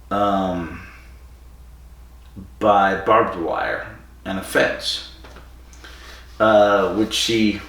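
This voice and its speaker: A man's voice: on the low side, fairly bright tone. A man hosting a podcast, casually recapping a story with digressions and self-corrections. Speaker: podcast host. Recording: very echoey room, far from mic.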